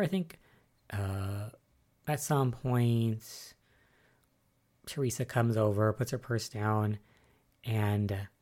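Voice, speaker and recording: A podcast host recapping soap episodes in a casual solo chat, rambling and musing aloud with lots of fillers. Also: mid-range voice. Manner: excitable and spoiler-wary.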